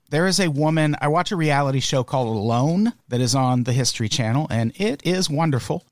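A man's voice: a little high, no echo, clean studio sound. An American man hosting a podcast, chatting casually and making wry jokes. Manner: joking, wry asides. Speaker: podcast host.

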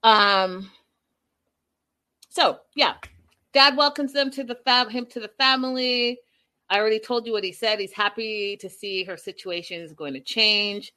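A woman's voice: fairly high pitch, unhurried, sharp tone. A woman hosting a casual, gossipy recap show, chatty and a little petty as she talks to her viewers. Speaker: reality show recap host. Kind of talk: casual chat.

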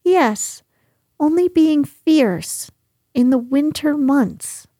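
Woman doing Piglet, a small squeaky piglet. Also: expressive, extremely slow, dark tone, no echo, clean studio sound, full character voice. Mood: timid. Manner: eager, anxious. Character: timid small young male piglet. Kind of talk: storybook reading.

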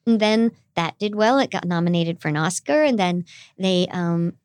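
A woman's voice: lowish voice, moderate pace, smooth, dry recording. Girlish-sounding woman, dry close sound. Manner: chatty, animated storyteller. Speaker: voice actor guest. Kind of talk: casual interview chat.

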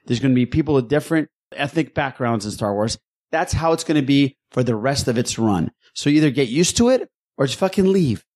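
A man's voice: mid-range voice, lively intonation, a little fast, darkish tone. A man co-hosting a fan podcast, ranting in a heated casual way, swearing and repeating himself for emphasis. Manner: fired-up, profane, repeats himself. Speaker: podcast co-host.

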